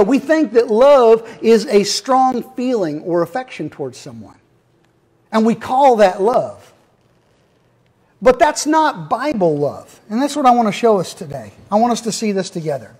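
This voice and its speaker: High-voiced folksy pastor. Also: male voice. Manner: folksy, jokes with the congregation. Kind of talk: sermon.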